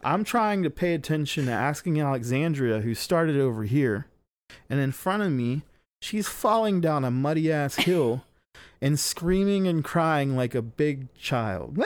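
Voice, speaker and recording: A man's voice: a little high, expressive, a little slow, a little mellow, dry recording. A young man telling a long story in casual podcast chat, rambling with many fillers and frequent swearing.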